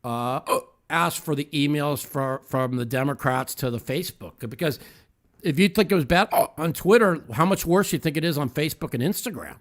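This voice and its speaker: A man hosting a podcast, chatting casually about politics, halting with many fillers while he has the hiccups. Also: fairly high pitch. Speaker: podcast host.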